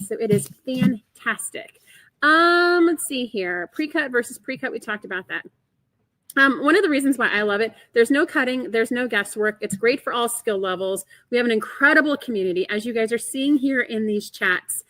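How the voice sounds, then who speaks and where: An upbeat woman hosts a live stream, chatting easily and reacting to viewer comments. Her voice sits a little high, and the sound is dry and close with no room around it. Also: a bit bright, dry recording. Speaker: quilt shop host. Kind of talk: live-stream product talk.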